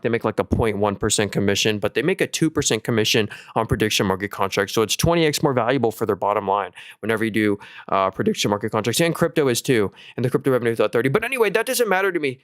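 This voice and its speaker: A young man hosts a casual live stream about stocks, walking through earnings figures with upbeat energy and plenty of fillers. His voice is smooth and clear at a middling pitch. The mic is close and the sound is dry, with no room echo. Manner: upbeat, talks through numbers with fillers and restarts. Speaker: stock market livestream host.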